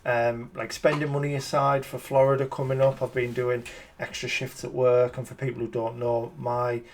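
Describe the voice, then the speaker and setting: A chatty man hosts a relaxed chat at an ordinary, mid-range pitch. He rambles and restarts his sentences, keeping a joking, self-deprecating tone. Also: moderate pace. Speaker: channel host. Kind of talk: casual chat.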